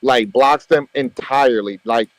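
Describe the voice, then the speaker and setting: An emphatic man holds forth in a casual group voice chat, circling back over his points and swearing as he goes. His voice sits at an ordinary middle pitch, and the sound is dry and close. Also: measured pace, dry recording, low-quality recording. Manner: emphatic, rambling, repeats himself, swears freely. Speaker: gaming channel host. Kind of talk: casual group voice chat about a mobile strategy game.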